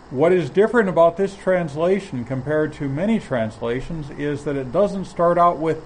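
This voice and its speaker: A man teaching from the Bible in a measured, explanatory way, often pausing mid-phrase. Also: a little high, expressive, a little mellow, slight background noise, poor audio. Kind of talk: sermon.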